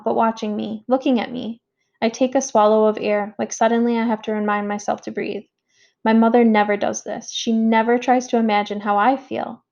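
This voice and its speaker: Woman audiobook narrator, first-person story, gravelly, slightly high voice, dull lo-fi sound. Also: darkish tone.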